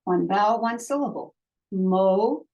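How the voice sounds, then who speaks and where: Slow, patient woman teaching Hebrew. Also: mid-range voice, dark tone, lo-fi sound. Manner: slow, patient, sounds out syllables for learners to repeat. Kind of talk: online language lesson.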